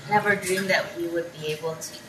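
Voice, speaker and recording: A woman guest at a dinner table, speaking softly and a little shyly. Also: lowish voice, fairly even intonation, fairly quick, background noise. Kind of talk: casual dinner chat.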